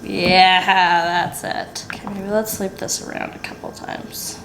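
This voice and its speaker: A woman's voice: fairly low pitch, level tone, measured pace, heavy background noise. A young woman vlogging casually as she sews and pins a dress, chatty and bubbly, talking to herself as she works. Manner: chatty, bubbly and self-talking while crafting. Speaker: sewing vlogger. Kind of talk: casual DIY vlog narration.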